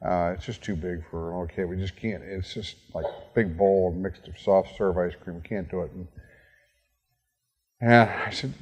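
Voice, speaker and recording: A man's voice: deep voice, fairly even intonation, moderate pace, darkish tone, highs cut off. A middle-aged man giving a talk as a guest speaker, telling a story and acting out the dialogue with lots of energy. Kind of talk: storytelling talk to a university audience. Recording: long hall reverb.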